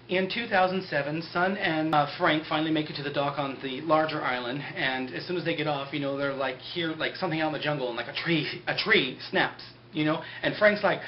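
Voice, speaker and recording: A man's voice: on the high side, brisk, hardly any pauses. A young man casually recapping a TV episode in a sarcastic, rambling way, full of "like". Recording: muffled lo-fi with faint hiss.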